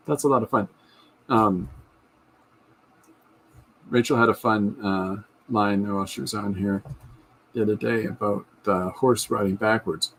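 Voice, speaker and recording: A man's voice: lowish voice, fairly even intonation, unhurried, pauses often, husky, low-quality recording. A man hosting his own podcast, chatting casually and enthusiastically about his comic ideas in a rambling way with frequent restarts. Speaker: podcast host and comic artist. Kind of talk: casual livestream chat.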